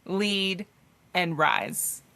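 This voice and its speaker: A woman and panel guest who gives short, measured answers. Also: on the low side, lively intonation, creaky, sharp tone. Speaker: guest, business founder. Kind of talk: panel conversation.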